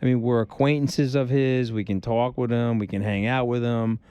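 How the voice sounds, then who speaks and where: A man's voice: medium pitch, moderate pace, clean tone, dry recording, dull audio. A middle-aged man as a podcast guest, talking bluntly and emphatically, repeating his points and acting out quotes. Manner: animated storyteller who acts out quotes. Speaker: interview guest. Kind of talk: candid podcast conversation.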